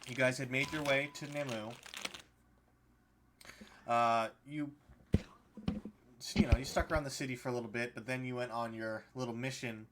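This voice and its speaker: A man's voice: mid-range voice, fairly even intonation, moderate pace, long pauses, noisy background. A man narrating as game master, casual and loose, with lots of fillers and restarts as he recaps and sets scenes. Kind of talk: narrating a tabletop game over a call.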